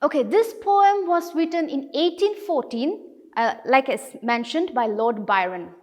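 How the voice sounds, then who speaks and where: A high-voiced woman teaches a recorded lesson in an unhurried, patient way, stopping again and again to check her students are with her. Her voice rings in a reverberant room. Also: animated. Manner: patient, explanatory, checks in with "okay?" often. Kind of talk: recorded classroom video lesson.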